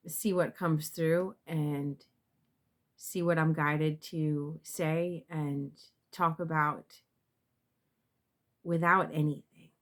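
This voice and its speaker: A woman with a low voice, speaking slowly as she talks casually to her viewers about tarot. She hesitates often and restarts her sentences. She sounds emotional, as if holding back tears. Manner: halting, many fillers and restarts. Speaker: tarot reader. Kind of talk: casual talk to camera.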